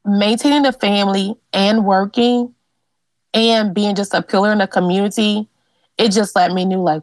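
A woman's voice: mid-range voice, moderate pace, dry recording, rough recording. Woman telling her family history in an interview, earnest, lots of ums, close dry sound. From Louisiana. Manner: earnest and animated, with fillers. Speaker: interviewee, genealogist. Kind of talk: personal storytelling.

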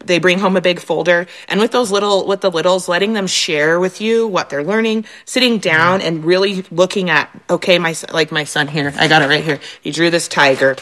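A woman in her thirties, a mother of young children, talking as a guest on a radio show and telling parenting stories with animated enthusiasm. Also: on the low side, brisk, few pauses. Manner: animated storyteller, warm and enthusiastic. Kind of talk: casual radio talk.

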